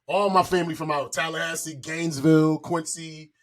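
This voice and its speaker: Loud joking young man, higher voice. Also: steady tone, brisk. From Florida. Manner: loud, joking, breaks into improvised raunchy song. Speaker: podcast co-host. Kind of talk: casual comedic chat.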